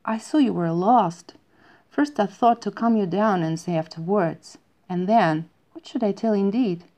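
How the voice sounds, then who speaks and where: A woman voicing a gentle, kind young male bear cub who speaks in a calm, reassuring way. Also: medium pitch, measured pace, lightly acted. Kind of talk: storybook reading.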